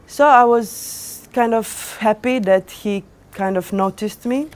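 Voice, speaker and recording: A young woman DJ telling her story to an audience in animated, non-native English with small grammar slips, lots of fillers and restarts. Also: medium pitch, slow pace. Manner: animated, acts out quoted dialogue. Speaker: DJ giving a lecture.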